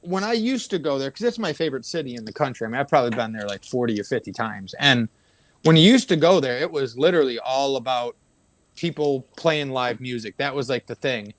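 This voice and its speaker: With no echo around him, a brisk-speaking man with a mid-range voice recounts rowdy stories in an easygoing chat. He swears a lot, stays animated and performs the quoted lines.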